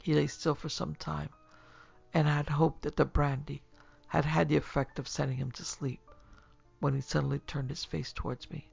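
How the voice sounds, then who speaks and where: A podcast host narrating a classic horror story in a measured, steady storytelling manner. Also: medium pitch, vocal fry, breathy edge. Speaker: narrator and producer. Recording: lo-fi recording with faint music.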